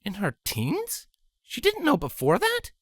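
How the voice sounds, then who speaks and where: A man voicing an excited young mare who squeals and gushes in a high voice. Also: fairly quick, no room sound, clean studio sound, heavily acted. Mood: curious.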